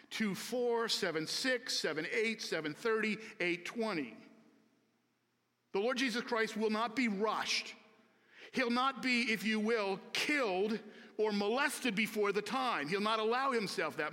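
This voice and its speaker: A man, a pastor, preaching a sermon slowly and earnestly with emphatic repetition, in a church sanctuary. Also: sits high, lively intonation, bright, forceful tone. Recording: long reverb of a large hall.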